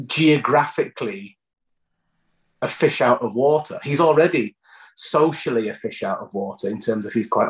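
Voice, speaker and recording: A man's voice: mid-range voice, echoey room, rough recording. A British man, an actor, answering interview questions in a chatty storytelling way, often restarting phrases.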